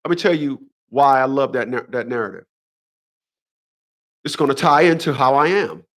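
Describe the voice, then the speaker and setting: A man's voice: mid-range voice, lively intonation, moderate pace, a bit bright. A man in his fifties hosting a casual livestream monologue, emphatic and preachy, often repeating his phrases. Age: 50s. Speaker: host.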